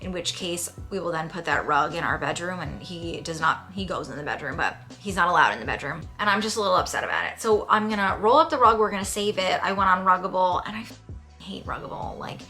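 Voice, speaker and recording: Young woman, bright crisp voice, gushy home vlogger, self-aware drama, faint music behind. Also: on the low side, fast, hardly any pauses. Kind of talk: casual vlog talk to camera. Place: home bedroom, indoors.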